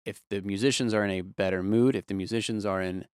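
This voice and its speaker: A man who works as a production manager, talking candidly in a casual interview and telling animated stories with some casual swearing. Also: fairly low pitch, fast, clear, resonant tone, no room sound, studio quality. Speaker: production manager at a music venue.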